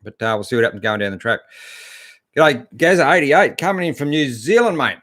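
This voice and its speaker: A man's voice: medium pitch, animated, fairly quick, a bit bright, no echo, clean studio sound. A middle-aged Australian man hosting a live-stream chat, laid-back and chatty, greeting viewers and answering their questions with plenty of fillers. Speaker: host.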